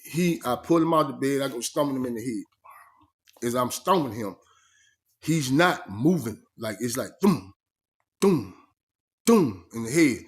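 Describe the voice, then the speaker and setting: A man's voice: medium pitch, expressive, normal speed. A man telling a story in casual first person, emphatic and streetwise, often asking "you know what I mean". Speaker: vlogger.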